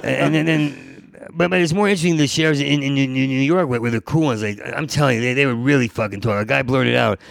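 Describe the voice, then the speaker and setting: A man's voice: mid-range voice, fast talker, creaky, few pauses, no room sound. A male comedian telling rambling comic stories, stuttering through repetitions and jumping into character voices. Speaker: comedian guest.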